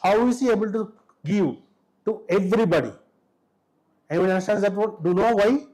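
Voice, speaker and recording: Male college lecturer, Indian English accent, high voice, quizzes the class as he goes. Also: darkish tone, low-quality recording. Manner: asks the class frequent quick questions.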